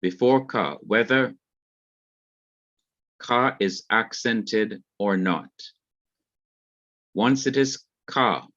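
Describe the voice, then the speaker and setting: A man teaching a Hebrew grammar class, speaking deliberately, spelling out terms and repeating examples. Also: fairly low pitch, fairly bright tone, dry recording. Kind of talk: slow grammar lecture. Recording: dull, lo-fi, dry recording.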